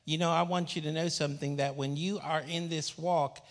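A man's voice: a little high, fairly even intonation, moderate pace. A male pastor leading a church service, affirming with frequent amens and reading scripture. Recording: reverberant church sanctuary.

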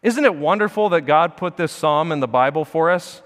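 A man preaching a sermon, earnest, swelling louder and slower on key phrases. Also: on the high side, lively intonation, in a large hall. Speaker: pastor. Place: church sanctuary.

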